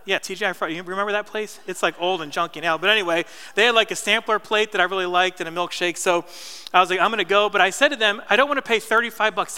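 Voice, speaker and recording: Bright, crisp-voiced preacher man in a reverberant hall. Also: high voice. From New Jersey. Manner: conversational storytelling with asides to the congregation. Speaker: pastor. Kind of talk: sermon. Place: church hall.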